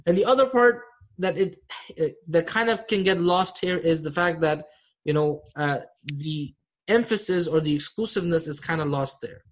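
A man's voice: on the high side, normal speed. A man teaching an online Arabic grammar class, explaining patiently and often checking that students follow.

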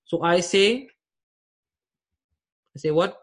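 A man's voice: high voice, slow, long pauses. A man teaching an Arabic grammar class online, patient, repeating terms and checking that students follow.

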